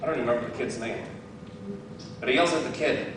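A man's voice: medium pitch, fast talker, pauses often, a bit bright, slight background noise. A man giving a casual faith talk outdoors, playful and self-mocking, often laughing at himself. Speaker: lay speaker giving a devotional talk. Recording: very echoey, distant from the mic.

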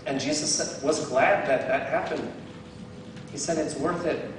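A man's voice: on the high side, steady tone, unhurried, noisy background. Man preaching in an echoey hall. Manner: candid, self-deprecating, with bursts of laughter. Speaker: guest preacher. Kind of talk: sermon. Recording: very echoey hall, heard from some distance.

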